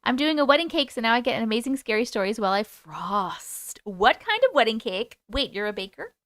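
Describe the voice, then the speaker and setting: Bubbly high-voiced woman chatting on a live stream. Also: sing-song, brisk, a bit bright, no echo, studio quality. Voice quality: high squeaky voice. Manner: bubbly, reads chat aloud and greets viewers. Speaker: host reading live chat. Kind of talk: casual live-stream chat.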